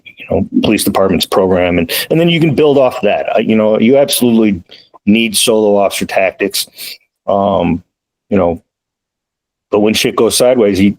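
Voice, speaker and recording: A man, a police defensive tactics trainer, talking as a podcast guest in a relaxed, anecdotal way. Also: fairly low pitch, rough recording. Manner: relaxed, anecdotal, quotes others in lively asides. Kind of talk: casual conversational storytelling. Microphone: remote call.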